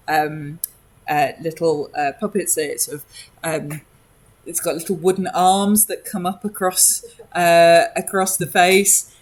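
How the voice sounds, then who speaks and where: A woman running a tabletop game as game master, narrating scenes in a hesitant, descriptive way with many pauses. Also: sits low.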